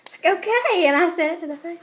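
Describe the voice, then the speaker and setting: Teen girl, high voice, chatty and giggly, light background hiss. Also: fairly even intonation, racing. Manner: chatty, giggly, acts out quoted people. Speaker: co-host. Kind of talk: casual chat.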